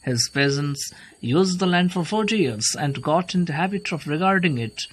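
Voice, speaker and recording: A man's voice: on the high side, animated, normal speed, a little hiss or hum, voice pushed up, close to an everyday voice. A man reading aloud as an anxious, touchy young landowner who complains and protests. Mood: indignant. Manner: complaining, indignant. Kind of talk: play read aloud.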